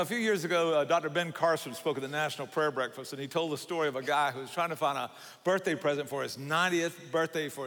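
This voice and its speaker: Older Southern pastor with a folksy drawl. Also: male voice, a little high, fairly bright tone, in a large hall. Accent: Southern US, Georgia. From Savannah, Georgia. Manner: folksy, joking storyteller. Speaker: guest pastor. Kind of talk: sermon. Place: church sanctuary.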